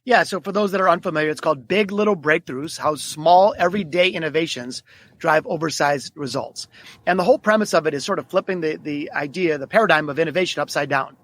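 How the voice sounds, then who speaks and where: Man, 40s, podcast guest, quick energetic storytelling, slightly high voice. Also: no echo. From Detroit, United States. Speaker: guest author. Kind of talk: podcast interview.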